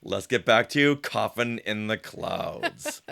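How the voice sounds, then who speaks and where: A man hosting a casual comic-book podcast, teasing his co-hosts and reading panels aloud in a playful, animated way. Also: fairly low pitch, slow pace, gravelly. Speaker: podcast host.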